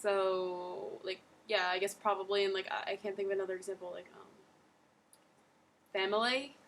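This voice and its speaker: A woman's voice: medium pitch, completely flat delivery, a little fast, a little hiss or hum, poor audio. Rambling woman giving a casual tutorial. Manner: rambling, lots of "like" and "um". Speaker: accent tutor.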